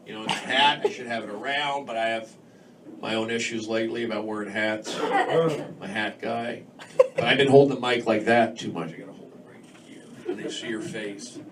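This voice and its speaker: A man's voice: on the low side, moderate pace. An American man doing a live stand-up set in a comedy club, rambling and jumping between thoughts as he talks straight to the crowd. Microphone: handheld mic, recorded from a distance. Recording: distant, very noisy live club recording. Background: audience laughter.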